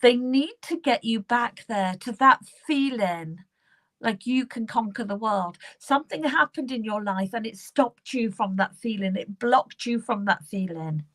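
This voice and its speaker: Lady doing live psychic readings, kinda high voice, says the same thing over and over, earnest. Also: animated, a little slow, a bit bright. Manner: earnest, repetitive, addresses viewers by name. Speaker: psychic medium.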